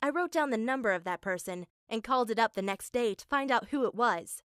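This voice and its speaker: A woman's voice: on the high side, animated, fairly quick, fairly bright tone, clean tone, dry recording, studio quality. A woman narrating a first-person story in an earnest, emotional way.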